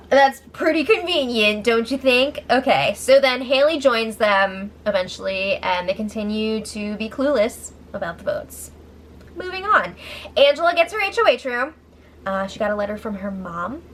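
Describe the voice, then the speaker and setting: A woman with a slightly high voice recaps reality-TV drama in a casual, chatty way. She breaks in with sarcastic, incredulous comments. Faint noise sits under her voice. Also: normal speed. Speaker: show recap host.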